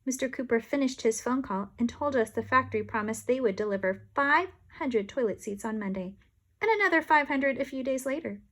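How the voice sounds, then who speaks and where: A woman reading a children's storybook aloud in a playful, expressive way. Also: on the high side, fairly quick. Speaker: audiobook reader. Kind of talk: storybook narration.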